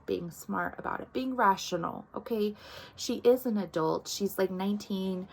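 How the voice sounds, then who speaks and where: A woman's voice: medium pitch, normal speed, vocal fry, darkish tone. Chatty woman recapping a book. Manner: chatty, many likes and quoted asides, acts out characters. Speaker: book reviewer.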